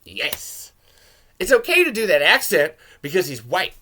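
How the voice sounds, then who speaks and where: A man hosting a podcast, giving a rambling, casual film commentary with swearing and sudden shouted jokes. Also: sits high, very animated, fairly quick. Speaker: podcast host reviewing a film.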